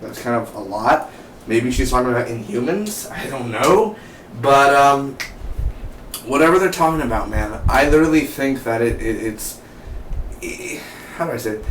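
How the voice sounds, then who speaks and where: A man's voice: medium pitch, animated, moderate pace. A young man casually reviewing a TV episode, rambling and chatty with many restarts. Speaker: TV show reviewer. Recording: roomy, distant mic, faint hiss.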